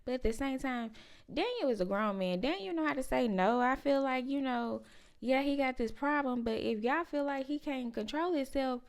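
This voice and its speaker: A woman's voice: sits high, normal speed, creaky, clean tone. A woman casually recapping a reality show and giving her blunt, opinionated, slangy take on it. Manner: opinionated, animated, informal slang.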